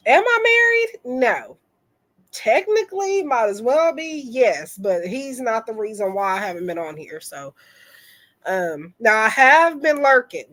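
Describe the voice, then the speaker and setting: A woman hosting a tarot livestream and chatting casually with viewers in a sick, under-the-weather voice, halting and reflective, often trailing off. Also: mid-range voice, fairly bright tone. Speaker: tarot reader and livestream host.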